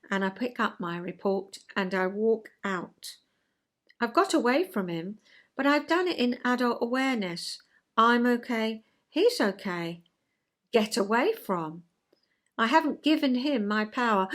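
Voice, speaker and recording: A woman, hosting a chatty vlog and explaining ideas in a gentle, conversational way, acting out little everyday scenes. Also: on the high side, a little slow. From England. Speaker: vlog host, retired counsellor.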